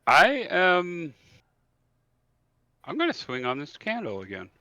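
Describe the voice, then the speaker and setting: Eager male tabletop player, bright tense voice, dry close mic. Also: a little high, wildly swooping pitch, slow, dry recording, muffled recording. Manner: eager, thinking aloud. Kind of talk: casual tabletop play.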